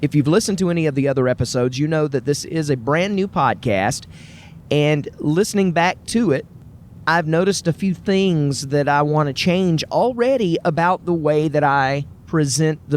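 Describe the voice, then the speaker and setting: A man's voice: fairly high pitch, a little hiss or hum. A man with a Southern US accent hosts his own podcast, talking alone to listeners in an earnest, upbeat, chatty way. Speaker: podcast host. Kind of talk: solo podcast monologue.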